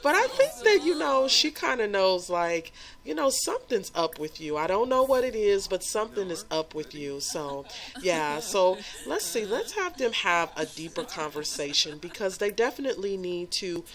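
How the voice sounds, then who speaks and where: A woman's voice: medium pitch, big pitch swings, moderate pace, fairly bright tone. A woman hosting a gaming channel, narrating a life-sim game story in a rambling way with constant fillers. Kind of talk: let's play narration.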